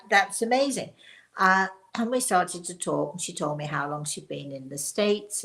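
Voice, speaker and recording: An older woman from Leicester with a softened English accent, telling a personal story in a chatty way with many restarts. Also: fairly low pitch. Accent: softened English, not strongly local. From Leicester, England. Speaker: spiritual medium host. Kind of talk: casual storytelling.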